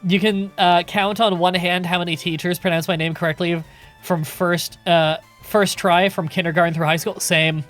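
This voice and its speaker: A man streaming a game live, chatting in a relaxed, casual way with some swearing as he answers chat questions. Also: high-pitched, normal speed, soft background music.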